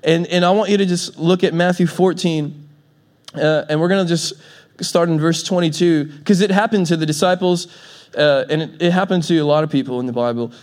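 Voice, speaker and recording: A man's voice: fairly high pitch, a little fast, a little mellow. A man preaching a sermon in a church, telling stories with a playful manner and laughing often. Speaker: pastor.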